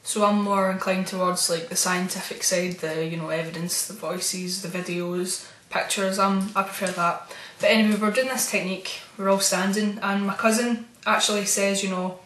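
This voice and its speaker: A woman's voice: mid-range voice, fairly even intonation, normal speed, few pauses, slight background noise. A woman vlogging casually, telling a rambling, spooked story about her experiences. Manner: chatty, meandering, with soft spooked asides. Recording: roomy echo.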